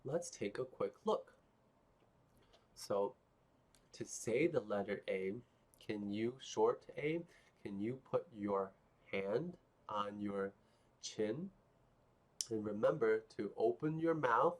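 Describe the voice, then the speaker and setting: A man's voice: fairly low pitch, lively intonation, takes it slowly, long pauses. A man teaching phonics to young children, patient and encouraging, repeating sounds for them to copy.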